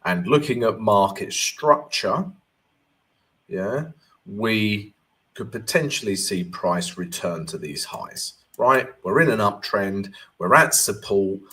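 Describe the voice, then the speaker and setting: A man's voice: fairly low pitch, expressive, slow, sharp tone. A man, a forex trading coach, casually chatting on a live stream, reading out viewer comments and walking through charts as he answers them. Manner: upbeat greetings, talks while walking through charts.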